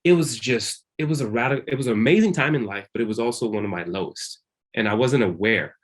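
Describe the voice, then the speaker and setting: Guy telling his life story, animated, mid-pitch voice, loose and rambly. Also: fast. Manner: animated, acts out quoted dialogue with big pitch jumps; loose and conversational, lots of fillers and repeats. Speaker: wellness practitioner guest. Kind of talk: candid personal storytelling.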